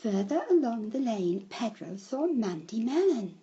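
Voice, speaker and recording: A woman telling a children's story in a slow storybook manner, breaking into shouted cries for the characters. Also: a little high, big pitch swings, breathy edge, highs cut off.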